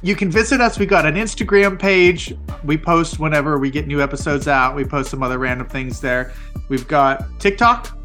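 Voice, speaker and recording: A man's voice: on the high side, normal speed, bright, forceful tone, faint music behind. A man co-hosting a podcast in casual chat, upbeat and chatty as he wraps up the episode. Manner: upbeat, chatty sign-off delivery. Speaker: podcast co-host.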